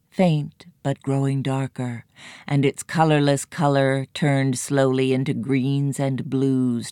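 Very low-voiced woman reading a storybook. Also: smooth, dry recording, clean studio sound. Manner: measured, expressive reading. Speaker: storybook narrator. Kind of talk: scripted narration of a children's story.

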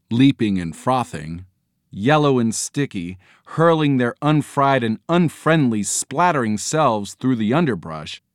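A male audiobook narrator telling a children's story with playful expression. His pitch rises and falls in a lively way, with a middling voice. The studio sound is close and dry. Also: dry recording. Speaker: audiobook reader. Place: recording studio.

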